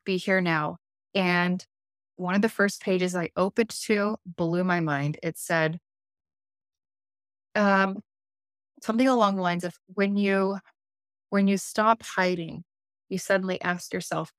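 A woman, an intuitive life coach, telling a story in a casual podcast interview, animated and acting out her own inner voices, laughing often. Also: lowish voice, takes it slowly, no echo, clean studio sound.

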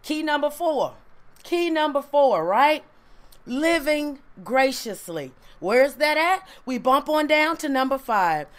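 A woman with a high voice preaches a Bible lesson. She talks in a relaxed way and keeps asking her listeners questions, then answers them herself. She often checks in with a quick "right?". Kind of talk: sermon, Bible teaching.

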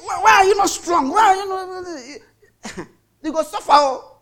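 Guy doing a sneering nurse lady in nigerian pidgin, mocking a woman in labor, shrill and loud with laughs. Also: slow, heavily acted. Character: scornful female nurse scolding a woman in labor.

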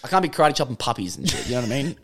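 A young man, co-hosting a podcast and telling a story in a casual, animated way, swearing freely and laughing often. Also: medium pitch, very fast. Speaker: podcast co-host. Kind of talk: casual chat.

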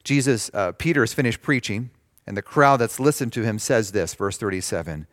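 Man preaching a plain, deliberate sermon. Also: on the low side, a bit bright, no echo, studio quality. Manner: reads scripture slowly and emphatically, explains plainly. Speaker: pastor.

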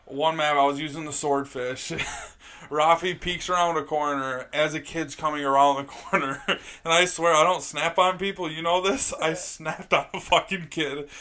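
A man's voice: a little high, fairly even intonation, moderate pace, pushed and bright. A young man hosting a casual gaming chat with a friend, swearing freely and laughing as he tells stories. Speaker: podcast host.

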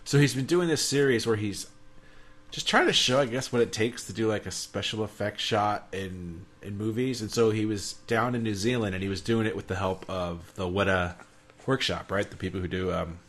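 A man co-hosting a casual podcast chat, animated and profane, laughing often. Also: on the low side, moderate pace. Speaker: podcast co-host.

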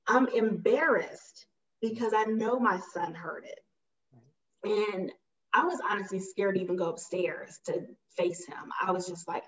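A woman's voice: mid-range voice, moderate pace. A woman guest telling a personal story in a casual, emphatic way, acting out the dialogue she recalls. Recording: slightly muffled audio.

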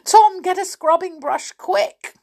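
A woman's voice: big pitch swings, takes it slowly, exaggerated voice. Woman doing a squealing naughty rag doll. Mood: wailing. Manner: high squealing, sobbing wails. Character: naughty rag doll girl, bold and bossy.

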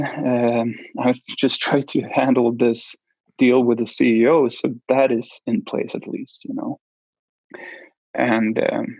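A man with a gravelly, slightly husky voice, speaking haltingly with frequent restarts and fillers as he recounts a personal story in an interview. The sound is dull and lo-fi, with a dry, close feel. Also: mid-range voice, darkish tone, no echo. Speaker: interview guest.

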